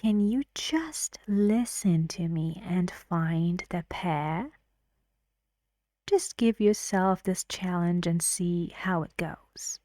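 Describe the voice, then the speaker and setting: Slow, patient woman teaching pronunciation. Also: lowish voice, dark tone, dry recording, clean studio sound. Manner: slow, patient, often drops to a whisper; chants stress patterns in syllables. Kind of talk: online lesson with drills.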